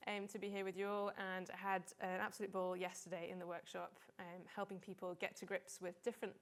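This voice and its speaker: A woman's voice: fairly low pitch, flat delivery, brisk. A woman in her forties, a data visualization consultant, giving a chatty, self-deprecating conference talk with frequent "um" fillers.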